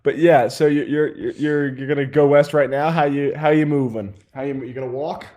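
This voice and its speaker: A man's voice: fairly high pitch, steady tone, a little fast, warm tone. A man narrating as game master, rambling with many fillers and laughs. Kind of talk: improvised tabletop game narration.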